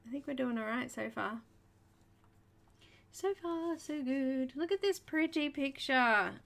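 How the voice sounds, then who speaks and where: A woman's voice: high voice, lively intonation, a little slow, creaky, a bit bright. An Australian woman hosting a live coloring tutorial, chatty and welcoming, laughing often as she greets viewers. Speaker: art tutorial host.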